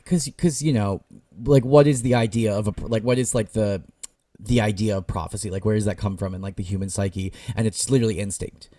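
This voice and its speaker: A man's voice: on the low side, fairly even intonation, brisk, warm tone, no echo. A man co-hosting a podcast, talking animatedly with many restarts and sarcastic asides. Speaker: podcast co-host. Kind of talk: casual book-discussion chat.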